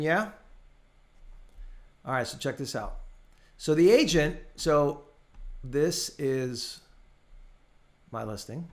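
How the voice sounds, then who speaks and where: A man running a casual live training class over a video call, telling stories and acting out the people in them. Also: a little high. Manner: animated storytelling, acts out his clients' voices. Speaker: real estate trainer.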